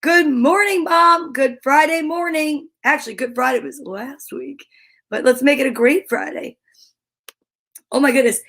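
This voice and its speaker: A high-pitched woman hosting a casual livestream. She sounds bubbly and eager, chatting with her audience and reading out their greetings. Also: measured pace. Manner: bubbly and excitable, reads out viewer comments. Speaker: livestream story time host.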